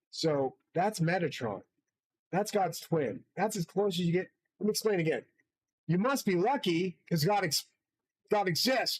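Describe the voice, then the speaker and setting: A man's voice: fairly high pitch, poor audio. A man hosting his own channel, delivering a rambling, profane and grandiose solo monologue from his studio. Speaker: channel host.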